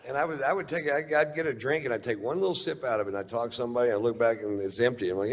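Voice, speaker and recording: A man telling a profane stand-up story in a relaxed drawl, jumping up in pitch for punchlines. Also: rapid-fire, few pauses. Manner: profane, laid-back drawl with big pitch jumps for punchlines. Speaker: stand-up comedian. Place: large venue with audience. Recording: live hall reverb, faint crowd.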